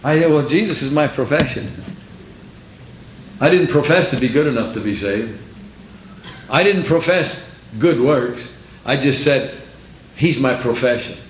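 A man's voice: medium pitch, a little slow, pauses often, echoey room, a little hiss or hum. A man preaching a sermon with a sing-song cadence, repeating phrases and quoting scripture in old biblical wording.

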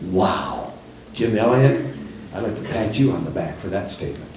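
Animated preacher in an echoey church. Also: male voice, mid-range voice, fairly quick, far from the mic, slight background noise. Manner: animated preaching, acting out quoted voices, rising emphasis. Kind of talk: sermon. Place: church sanctuary.

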